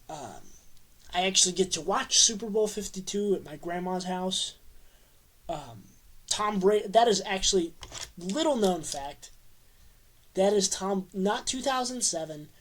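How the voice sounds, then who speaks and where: Rambling young fan ranting about football. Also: medium pitch. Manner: rambling and excitable, heavy use of "like". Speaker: sports fan vlogger. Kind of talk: casual rant to camera.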